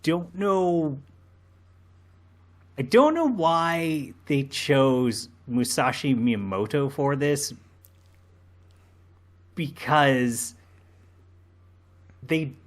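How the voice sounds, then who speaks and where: Guy on a podcast, slow, lots of ums, kinda hesitant. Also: fairly high pitch, lively intonation. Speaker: podcast co-host. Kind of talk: casual podcast chat.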